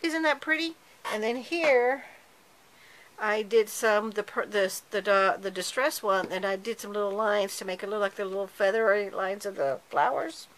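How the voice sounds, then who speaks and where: A chatty woman talks through a card-making project, breaking off and restarting as her hands stay busy. Her voice is bright and forward. A faint hum of room noise sits behind her. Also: mid-range voice, steady tone, moderate pace, low-quality recording. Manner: chatty, self-correcting while working with her hands. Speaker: card-making tutorial host. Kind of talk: casual craft tutorial narration.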